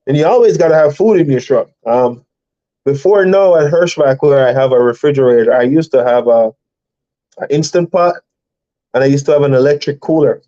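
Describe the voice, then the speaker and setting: Male stream host, easygoing storyteller, mellow tone, lo-fi audio. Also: mid-range voice, brisk. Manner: chatty, laughs often, rambling storytelling. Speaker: truck driver and live stream host. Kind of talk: casual live stream chat.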